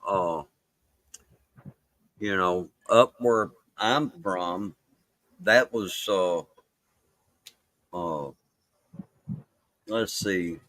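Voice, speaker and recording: A man with a Southern Mississippi accent, answering interview questions in a relaxed, halting way with lots of fillers. His voice sits fairly low and sounds dry and close to the mic, with no room around it. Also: no echo, rough recording. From Mississippi, USA. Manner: halting, many fillers and restarts. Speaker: interview guest. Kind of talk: casual live-stream interview.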